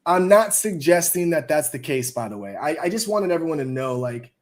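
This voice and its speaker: A man hosting a live stream, talking about crypto markets in a loose, rambling way, with lots of fillers and swearing. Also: fairly high pitch. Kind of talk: casual live-stream chat.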